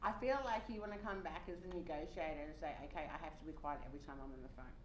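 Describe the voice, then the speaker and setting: A woman playing a loud-talking coworker in a mediation role-play, defensive and matter-of-fact. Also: deep voice, rapid-fire, lightly acted. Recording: roomy with faint noise.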